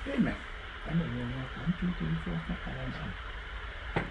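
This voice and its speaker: A woman playing a tabletop game, making quick offhand remarks about her rolls. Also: rumbling low, vocal fry. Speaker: player. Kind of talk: casual tabletop game play. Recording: background noise.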